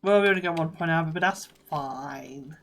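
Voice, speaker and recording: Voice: medium pitch, brisk, a bit bright. A streamer giving casual live commentary while playing, muttering thoughts on gear aloud.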